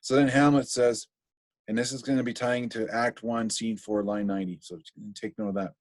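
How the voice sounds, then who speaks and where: A man's voice: medium pitch, steady tone, normal speed, no echo. Casual male literature teacher. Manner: casual, thinking aloud with fillers and restarts. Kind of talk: recorded online literature lesson.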